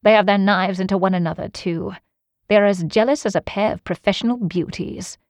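A woman's voice: medium pitch, a little fast, dry recording, lightly acted. Sherlock Holmes, brusque detective read by a woman. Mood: cool, lecturing. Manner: cool, offhand and lecturing.

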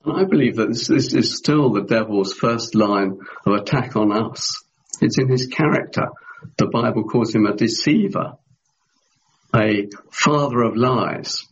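A man preaching a sermon in a measured way, often asking his listeners rhetorical questions. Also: mid-range voice, muffled recording.

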